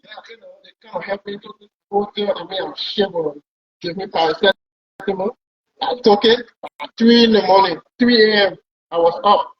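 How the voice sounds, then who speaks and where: A man's voice: sits high, fairly even intonation, moderate pace. A man talking as a pilot guest, recounting his long trip in a casual, rambling way and often repeating words. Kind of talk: conversational storytelling. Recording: dull lo-fi recording.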